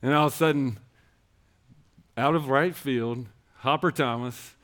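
A man's voice: mid-range voice, a little slow, a bit bright. A man giving a personal testimony sermon, telling his story in rambling, self-interrupting phrases and earnestly urging his listeners. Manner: earnest, exhorting the congregation. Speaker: church speaker.

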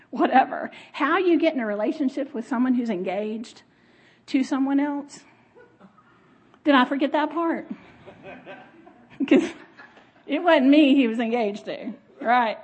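Husky, animated woman preaching. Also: on the high side. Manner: expressive, laughs often, talks with the audience. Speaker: speaker. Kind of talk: conversational sermon.

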